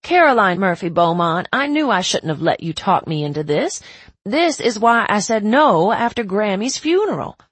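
A woman's voice: mid-range voice, big pitch swings, moderate pace, slightly rough, no echo. A woman voicing a stern, reproachful middle-aged mother. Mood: scolding.

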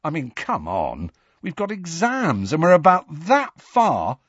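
A man reading an audiobook voices a blunt, excitable teenage boy who speaks with indignation and disbelief. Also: a little high, unhurried, slightly rough, no room sound, muffled recording, pitched above the performer's own voice, full character voice. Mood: insistent. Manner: blunt, incredulous.

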